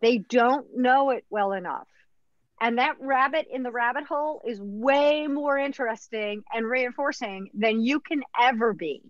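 A woman's voice: fairly high pitch, measured pace, dry recording, muffled recording. A woman dog trainer teaching a puppy class in a chatty, upbeat way. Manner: chatty, upbeat instructor who acts out dog voices.

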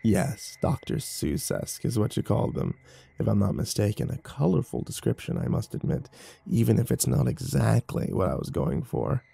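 A man voicing a sneering, long-fingered male shadow monster with a raspy, mocking voice, in a horror story reading. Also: on the low side, sing-song, moderate pace, mellow, dry recording, voice pushed down, exaggerated voice. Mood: smirking. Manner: mocking, smirking.

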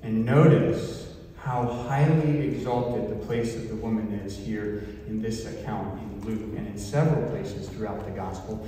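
A man's voice: mid-range voice, warm tone, slight background noise. A male pastor delivering an earnest, emphatic sermon in a church hall. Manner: earnest, emphatic teaching with pauses. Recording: echoey hall from far off.

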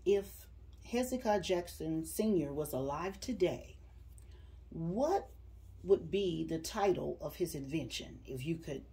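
A woman interviewing a guest, asking polite and measured questions. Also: low voice, expressive, dark tone.

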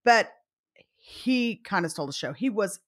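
A woman's voice: medium pitch, lively intonation, moderate pace. A middle-aged woman co-hosting a podcast, chatting casually with a playful, comic delivery. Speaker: podcast co-host. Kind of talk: casual chat.

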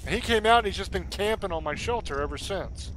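A man giving casual, chatty gameplay commentary, thinking out loud and getting exasperated, with game music behind him. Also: sits high, lively intonation, fast, background noise. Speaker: gaming YouTuber.

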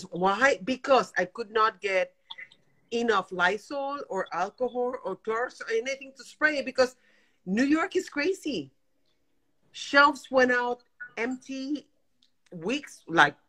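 A woman in her fifties calling in from her apartment over a phone video call, talking in animated, exasperated bursts. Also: fairly high pitch, slow pace, poor audio. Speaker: guest caller. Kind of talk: emotional live-stream chat. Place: home apartment.

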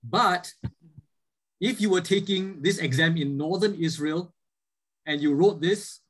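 This lecturer has a high-pitched voice and a measured pace, captured on poor audio with slight background noise. He walks the class through his points, often asking "right?", and takes student questions.

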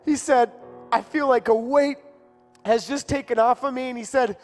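A man preaching a sermon in a church, telling a personal story with deep emotion and building to impassioned pleading. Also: steady tone, normal speed, a little mellow, in a large hall, soft background music.

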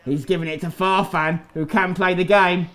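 A young man calls his own football game match, taunting and bragging as he plays. His voice sits high and keeps climbing into loud, excited shouts. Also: normal speed. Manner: excitable, boastful, shouting at big moments. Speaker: gaming YouTuber. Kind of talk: live gameplay commentary with trash talk.

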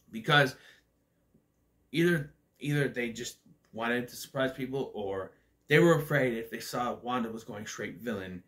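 A man's voice: mid-range voice, bright, forceful tone. A man giving a casual, opinionated movie review, blunt and ranting, with swearing, loose fillers and restarts.

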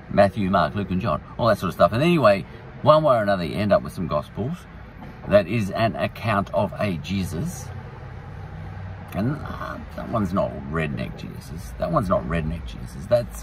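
A man's voice: low-pitched, distant mic, a little hiss or hum, poor audio. A man hosting a podcast, rambling through a casual, irreverent monologue. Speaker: podcast host.

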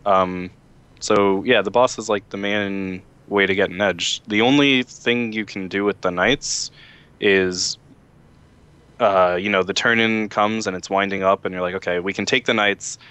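A man with a deep, low voice talks through game strategy in a relaxed, measured way. He sounds like a co-host on a casual gaming podcast chat. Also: clean tone.

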